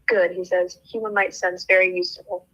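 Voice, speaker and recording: Lady reading out a blunt little alien guy, choppy broken english, sharp bright tone, muffled call audio. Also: on the low side, level tone, a little fast. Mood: earnest. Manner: clipped broken English, ends questions with "question". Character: small male alien engineer, blunt, earnest.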